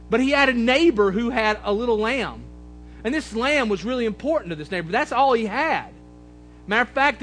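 A man preaching a sermon, retelling a scripture story in a conversational way, swinging between loud, high emphasis and low, quiet moments. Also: poor audio. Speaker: pastor.

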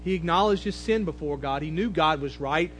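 A man preaching a sermon, retelling a scripture story in a conversational way, swinging between loud, high emphasis and low, quiet moments. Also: brisk, soft background music, poor audio. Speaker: pastor.

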